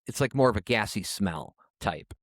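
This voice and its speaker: A man's voice: on the low side, animated, normal speed, no echo, studio quality. A man co-hosting a podcast in casual chat, reading out odd names and adding wry asides. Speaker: podcast co-host.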